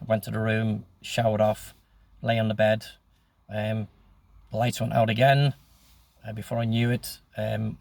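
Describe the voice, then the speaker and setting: A man's voice: medium pitch, vocal fry, no room sound. A man in his sixties telling his life story in a casual, rambling way, swearing freely with many ums. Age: 60s.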